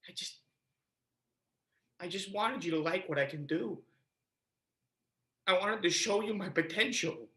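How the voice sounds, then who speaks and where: A woman playing a grown child who pleads with his mother to let him make music, emotional and excitable, in an improv comedy scene. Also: on the low side, unhurried, pauses often, echoey room. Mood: pleading.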